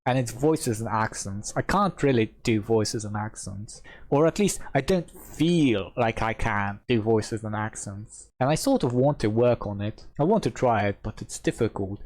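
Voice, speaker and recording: A man's voice: on the low side, expressive, moderate pace, few pauses, a little mellow. Man reading rules aloud. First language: Polish. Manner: reads rule text steadily, then gives loose, self-doubting asides. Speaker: host reading a game rulebook aloud. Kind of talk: rulebook readalong with commentary.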